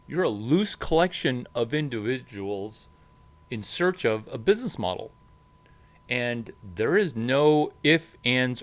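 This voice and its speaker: Emphatic man with slow punchy delivery. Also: medium pitch, fairly bright tone. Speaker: startup advisor. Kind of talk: animated monologue to camera.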